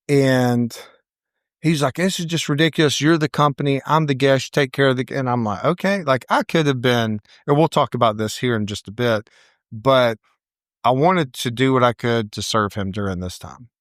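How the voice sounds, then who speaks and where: A middle-aged man, a salon owner and podcast co-host, telling a story in casual chat, animated and acting out quoted voices. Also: medium pitch, normal speed, dry recording, studio quality.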